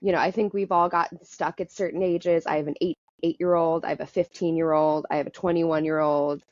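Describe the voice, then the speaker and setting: A woman's voice: low voice, little pitch movement, fairly quick, darkish tone, no echo, dull audio. A woman guest on a podcast, talking candidly and in a rambling way, often laughing at herself. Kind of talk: candid conversational storytelling.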